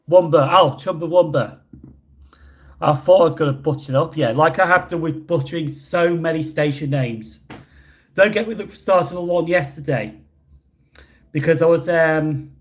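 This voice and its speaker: A young man chatting casually on a livestream, reading out viewer comments and rambling about his own slips. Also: on the high side. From Yorkshire, England. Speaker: livestream host. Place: hotel room.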